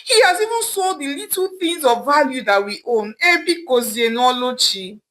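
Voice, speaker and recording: A woman's voice: high voice, animated, normal speed, a bit bright, pitched above the performer's own voice. A woman voicing an elderly mother who sobs and begs her daughter for forgiveness in a storybook tale. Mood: pleading. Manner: sobbing, begging. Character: elderly mother, weak and pleading.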